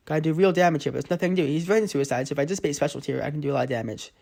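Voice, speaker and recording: A man's voice: fairly high pitch, steady tone, very fast, creaky, darkish tone. A man giving casual play-by-play commentary over his own mobile game footage, often exasperated. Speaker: gaming channel host.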